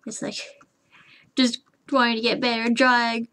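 Her voice is fairly high and fairly bright, but the delivery is flat, at normal speed with long pauses. She is live-streaming her drawing, talking to herself in a rambling way, humming and muttering, and frustratedly cursing her computer in a casual way.

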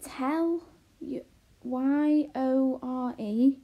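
A woman's voice: sits high, measured pace, husky, muffled recording, pitched above the performer's own voice, exaggerated voice. A woman doing an eager little girl. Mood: puzzling. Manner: excited, breathless questions. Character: tiny girl, eager and bold.

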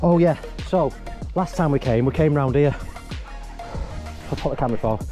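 A hiking vlogger climbs a rocky mountain outdoors, cold and exerting himself, chatting breathlessly to a handheld or body-mounted action camera. He's self-deprecating and exclaims as he climbs, his voice a little high, dark in tone, at normal speed, with faint music behind.

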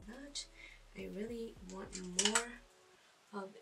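A woman's voice: mid-range voice, drawn-out words, distant mic, over loud music. A woman giving a casual makeup tutorial, chatting, thinking aloud and poking fun at herself as she goes. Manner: chatty, self-deprecating, thinks aloud with fillers. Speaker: beauty vlogger.

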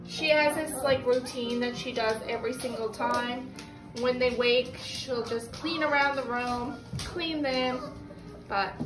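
A woman narrating a casual home vlog, chatty and giggly, cooing baby talk to puppies in a warm room, filmed on a handheld camera. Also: sits high. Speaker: dog breeder vlogger. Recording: echoey room with music underneath.

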